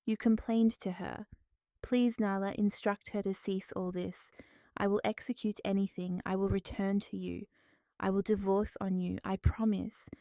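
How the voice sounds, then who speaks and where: A ruined man begs and pleads in a storybook drama, as a woman reads him. The voice stays mellow and smooth, recorded close and dry. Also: medium pitch, flat delivery, normal speed, no room sound, lightly acted. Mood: frantic. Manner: hysterical, pleading.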